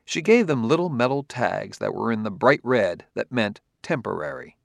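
Gravelly male audiobook narrator. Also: mid-range voice, sing-song, moderate pace, no echo, clean studio sound. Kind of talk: scripted narration.

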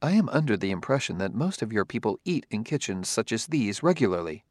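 A man reading the part of a calm, precise male robot in a measured, formal way, as in an audiobook. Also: lowish voice, dry recording, studio quality.

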